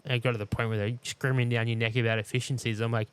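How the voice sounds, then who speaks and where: A man's voice: mid-range voice, flat delivery, fast talker, clean tone. A man co-hosting a casual podcast, ranting about old workplace frustrations with lots of swearing and acted-out quotes. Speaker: podcast co-host. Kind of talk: casual chat.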